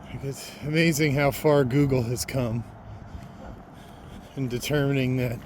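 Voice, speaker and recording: A man's voice: mid-range voice, steady tone, measured pace, a little mellow. A man vlogging on foot outdoors, talking in a laid-back, rambling, self-deprecating way into a handheld phone. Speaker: walking vlogger. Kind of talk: casual vlog monologue. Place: outdoors by a freeway and streets. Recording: outdoor traffic noise behind.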